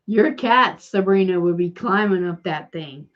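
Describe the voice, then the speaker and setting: A woman with a Southern American accent hosts a casual crafting livestream, rambling and chatting as she reads and answers viewers' live comments. Her voice sits on the low side, her pace is measured, and the sound is lo-fi.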